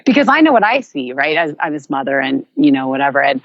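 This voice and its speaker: A woman guest telling a personal story in an earnest, reflective way, often pausing and restarting. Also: a bass voice, sing-song, creaky, dry recording, dull audio. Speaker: podcast guest.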